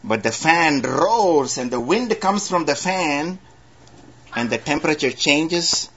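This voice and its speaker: A man preaching a sermon as a story, with humorous asides and slowed dramatic emphasis, in a dull lo-fi recording. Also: fairly high pitch, animated, a bit bright, a little hiss or hum.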